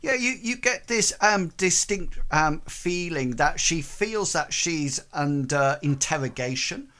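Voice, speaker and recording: Male game master, slow and halting, lots of fillers, mid pitch. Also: expressive, pushed and bright, slight background noise. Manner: hesitant, full of ums and likes. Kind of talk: narrating a tabletop game.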